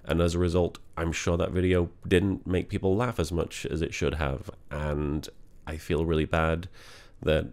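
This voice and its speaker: A man talking candidly and reflectively in a confessional vlog, in a halting way. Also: sits low, level tone, a little mellow. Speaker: vlogger.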